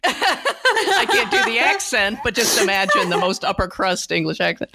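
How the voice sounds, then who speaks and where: A woman co-hosting a casual conversation about film, animated and quick to quote people in put-on voices, laughing often. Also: mid-range voice, husky. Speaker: podcast co-host.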